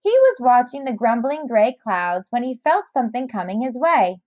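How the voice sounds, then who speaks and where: A woman reading a children's storybook aloud in a gentle, expressive way. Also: fairly high pitch, moderate pace, no room sound, muffled recording. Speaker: narrator.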